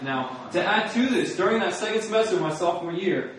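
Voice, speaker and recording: A man's voice: a little high, lively intonation, fast talker, few pauses, crowd noise. A middle-aged man from the United States giving a sermon testimony, telling his story and laughing often. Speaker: speaker at a church or campus ministry gathering. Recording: echoey room from far off.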